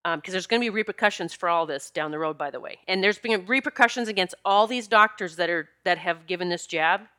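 Bright-voiced woman vlogging emphatically. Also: fairly low pitch, quick pace, hardly any pauses. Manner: emphatic and conversational, repeats herself for stress. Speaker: vlogger addressing viewers. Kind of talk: casual monologue to camera.

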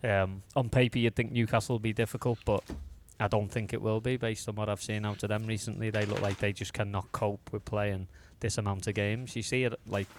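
A man's voice: lowish voice, level tone, noisy background. A man on a football podcast panel, teasing the others and giving his opinion on upcoming games. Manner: teasing, then measured analysis. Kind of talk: casual chat and football analysis.

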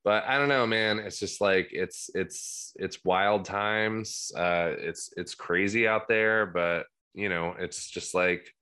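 A man in his thirties with a New Jersey accent talks on a podcast in a loud, rambling way. He keeps restarting his sentences. His voice sits low, but it has a bright, forceful edge. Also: slow pace, hardly any pauses, smooth. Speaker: podcast guest, musician. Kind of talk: casual podcast chat.

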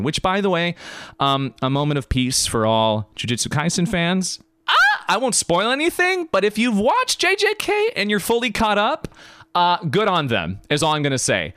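A man hosting a podcast, talking in an excited, emphatic rant that swings between high and low. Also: no echo. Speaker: podcast host. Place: California.

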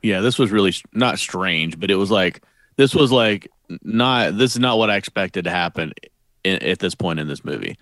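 A man with a lowish voice chatting about a film he just watched, hesitant and often searching for words. The recording is dry and close. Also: expressive, normal speed, a bit bright, no room sound. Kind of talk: casual movie discussion.

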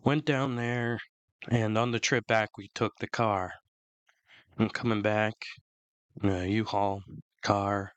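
A man co-hosting a podcast in casual, opinionated chat, rambling with many restarts, his throat still rough from flu. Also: fairly low pitch, flat delivery, takes it slowly, long pauses, fairly bright tone, no echo. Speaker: podcast co-host.

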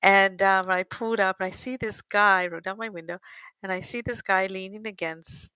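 A woman's voice: medium pitch, fairly even intonation, fairly quick, sharp tone, clean tone, no room sound, rough recording. Older woman telling a rambling story. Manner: rambling, with self-corrections and frequent laughs. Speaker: interviewee. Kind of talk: casual storytelling.

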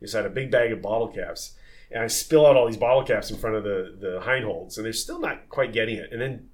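A man who sailed on tall ships, telling stories in a casual podcast conversation, lively and full of fillers and restarts. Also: lowish voice, fast talker. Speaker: former tall ship sailor.

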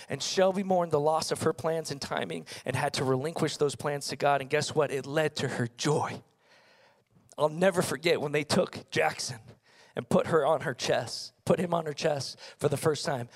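A young man preaching a sermon, telling a personal story with earnest rhetorical questions. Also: a little high. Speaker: pastor.

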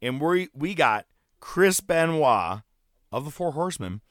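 A man co-hosting a casual wrestling recap podcast, animated and laughing, acting out quotes as he talks. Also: on the high side, measured pace, dry recording, clean studio sound. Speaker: podcast co-host.

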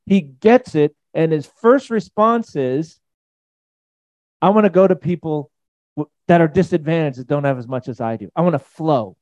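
Animated male pastor preaching a sermon. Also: a little high, normal speed, no echo, muffled recording. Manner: animated, jokey preaching with sudden loud peaks.

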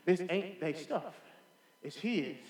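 An impassioned man preaches with a high-pitched voice, repeating phrases and swinging from loud declarations to hushed asides. The sound comes from a roomy hall with a long echo trailing after him. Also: expressive, slow pace. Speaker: pastor. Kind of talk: preaching a sermon. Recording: echoey hall with long reverb.

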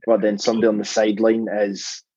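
A man's voice: on the low side, monotone, fast, mellow, slightly rough, no echo, lo-fi sound. A male football player as a guest in a casual interview, plain-spoken and hesitant with lots of "like".

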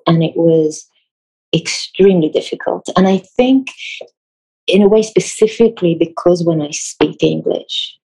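A woman from Israel with an Israeli accent, a theatre designer telling anecdotes in an interview, animated and laughing often. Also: fairly low pitch, slightly rough, poor audio. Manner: animated storyteller, laughs often, acts out quotes.

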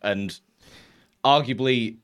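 A man from England co-hosting a football podcast, casual and rambling, prone to laughter and excited outbursts. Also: mid-range voice, slow pace, clear, resonant tone. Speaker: podcast co-host.

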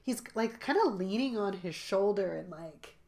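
A woman's voice: mid-range voice, expressive, normal speed, darkish tone. A woman in her thirties co-hosting a podcast in casual chat, talking loosely with lots of fillers and frequent laughs. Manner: chatty, laughs often, many "like" fillers. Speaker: podcast co-host.

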